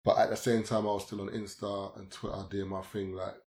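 A man in his thirties with a London accent, a podcast guest chatting casually in slang-heavy banter that turns loud and animated when he tells stories. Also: lowish voice, fairly quick, a little hiss or hum.

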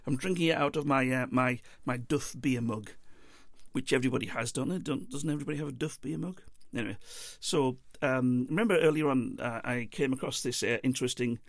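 A man's voice: mid-range voice, brisk, vocal fry, no room sound, studio quality. A man telling a travel story in a casual, meandering monologue, chuckling and interrupting himself as he goes.

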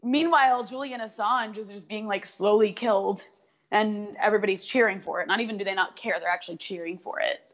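A woman's voice: medium pitch, a little fast, lo-fi sound. A woman co-hosting a casual political discussion, talking in an indignant, casual way with many fillers. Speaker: political commentary co-host.

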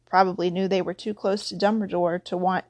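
Woman reader doing Hagrid: huge gruff gamekeeper, dropped endings, storybook voice. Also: on the low side, little pitch movement, brisk, darkish tone, dry recording, close to an everyday voice. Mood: anxious. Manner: rough dialect, dropped endings. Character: huge gruff male gamekeeper, big-hearted.

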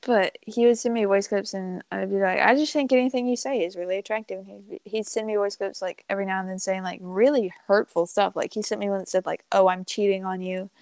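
A woman's voice: mid-range voice, steady tone, fast talker, hardly any pauses, a little mellow, smooth, no room sound. A young woman in her teens telling a story in casual chat, rambling with lots of fillers and laughs. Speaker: podcast co-host.

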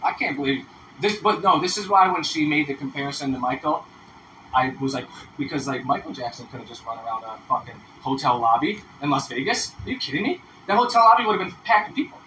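A brash man with a high, bright voice argues crudely in casual podcast chat. He sits back from the mic in an echoey room with a faint hiss behind. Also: expressive, fast talker. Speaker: podcast co-host. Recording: roomy, distant mic with faint noise.

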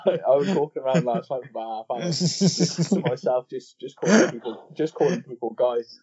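A man's voice: mid-range voice, animated, brisk, a little mellow, muffled recording. A man chatting casually on a film podcast, rambling and restarting his sentences. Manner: rambling, repeats himself. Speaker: podcast co-host. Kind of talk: casual chat.

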